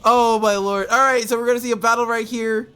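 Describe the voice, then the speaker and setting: Excitable laughing male game caster. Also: extremely high pitch, fairly quick, smooth. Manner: excitable, laughing, yelling at players. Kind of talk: esports match commentary.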